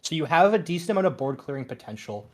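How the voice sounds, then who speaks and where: A man's voice: a little high, sing-song, fast talker, darkish tone. A young man co-hosting a casual card-game podcast, explaining his opinions with enthusiasm. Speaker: podcast co-host.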